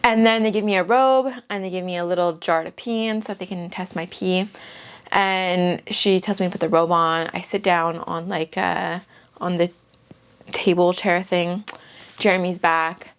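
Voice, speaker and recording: A woman's voice: fairly low pitch, fairly even intonation, normal speed, clear, resonant tone. A young woman vlogger telling a personal story in a casual, chatty way, peppered with "like".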